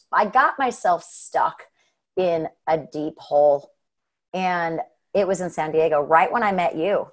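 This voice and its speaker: A woman from Southern Utah telling a heartfelt personal story in a casual, earnest way, with lots of fillers and "right?" tags. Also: medium pitch. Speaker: guest.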